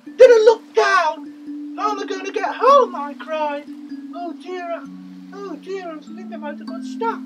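A man voicing an excitable young male rabbit puppet who loves carrots and fears foxes, reading a children's story with sound effects and cheers. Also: distant mic, rough recording. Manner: squeaky, bouncy, full of sound effects and cheers.

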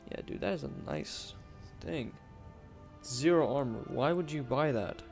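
A goofy young man giving excitable, jokey commentary while he plays a video game. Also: mid-range voice, unhurried, gravelly, faint music behind. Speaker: gamer, video host. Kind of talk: casual let's-play commentary.

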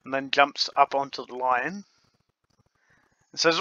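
A man running a tabletop game as game master, narrating in an unhurried, lively way, recorded on a home computer mic. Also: mid-range voice, no room sound. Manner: unhurried, lively storytelling with light laughter. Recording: dull lo-fi with faint hiss.

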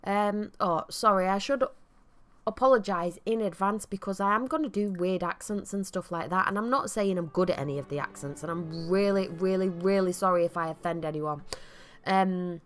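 A woman's voice: mid-range voice, moderate pace. A woman with a Mancunian accent giving chatty, rambling gameplay commentary with self-deprecating asides. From Manchester, England. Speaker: let's play commentator.

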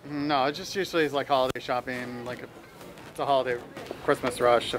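A man's voice: medium pitch, steady tone, fairly quick, noisy background. A man working in a store, answering questions in a hesitant, polite way. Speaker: store employee.

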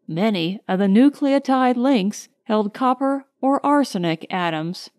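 Slow, measured woman narrating. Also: on the high side, lively intonation, darkish tone. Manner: measured, grave storytelling. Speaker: audiobook narrator. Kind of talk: scripted narration.

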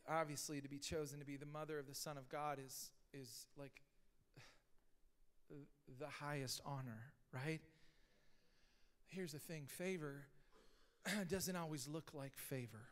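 A man preaching a sermon as pastor, talking casually and rising to shouted emphasis, recorded live in a church. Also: on the high side, steady tone, a little slow, long pauses. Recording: live church hall reverb.

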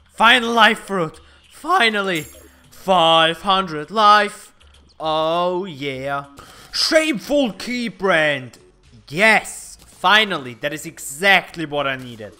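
A man commentating his own gameplay in an excitable, swearing way. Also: fairly high pitch. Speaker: gaming YouTuber.

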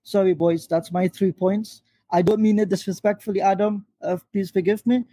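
A man argues fast and insistently on a video call. His voice sits high in pitch, yet its tone is dark and husky. The sound is dry and close. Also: steady tone, dry recording, rough recording. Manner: rapid, pressing, addresses opponent by name. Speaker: Muslim panelist in a debate.

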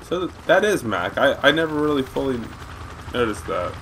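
A man's voice: medium pitch, big pitch swings, moderate pace, fairly bright tone, slight background noise. A young man hosting a let's-play video, rambling and joking casually and talking back to the game. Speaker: gaming video host. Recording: game sound behind voice.

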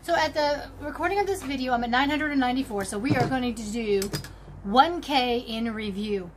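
Bubbly high-voiced woman showing off yarn. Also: brisk, a little hiss or hum. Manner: chatty, bubbly, talks to viewers while rummaging. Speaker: crochet channel host. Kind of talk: casual show-and-tell vlog.

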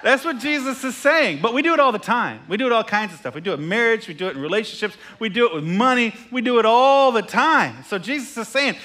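A man preaching a sermon as pastor, animated and jokey, who repeats phrases and asks the congregation questions. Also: very high-pitched, fast, hardly any pauses. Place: church sanctuary.

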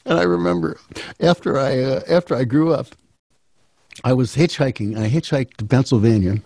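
Husky, warm-voiced storyteller in his seventies. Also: medium pitch, dry recording. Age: 70s. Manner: rambling, wry, with restarts. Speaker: musician and storyteller. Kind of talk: casual storytelling.

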